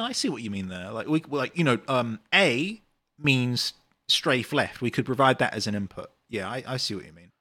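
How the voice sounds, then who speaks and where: A man's voice: mid-range voice, fairly bright tone, dry recording. A British man, a game developer, answering chat questions in a rambling, casual livestream Q&A full of ums and uhs.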